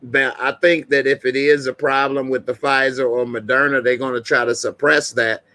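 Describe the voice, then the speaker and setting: A middle-aged man talking in a relaxed, chatty way, speaking straight to his viewers and laughing easily. His voice sits at a middle pitch. The sound is dry and close, with almost no room in it. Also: moderate pace, no echo. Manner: laid-back, chatty, laughs often, talks to viewers. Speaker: show host. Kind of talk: casual live-stream commentary.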